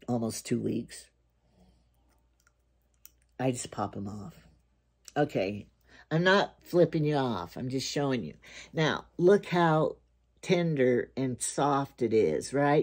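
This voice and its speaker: An older woman chats to the camera in a rambling, homey way, hopping between her groceries, a joke and her nails. Her voice is mellow and soft-edged. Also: very deep voice, expressive, slow, long pauses, husky. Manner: rambling, chatty, jokey. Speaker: vlogger. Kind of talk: casual chat to camera.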